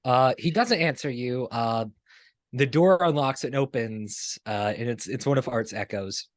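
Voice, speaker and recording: A man serving as game master, narrating a tabletop game loosely, with many fillers and pauses. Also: medium pitch, no room sound, clean studio sound.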